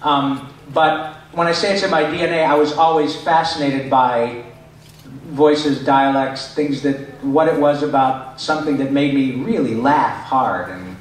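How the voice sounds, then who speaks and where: A man's voice: mid-range voice, a little slow. A middle-aged man from Michigan, a voice actor chatting and joking with fans at a convention panel Q&A. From Michigan, USA. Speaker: voice actor guest answering fan questions. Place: large convention hall. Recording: echoey hall, picked up from far off.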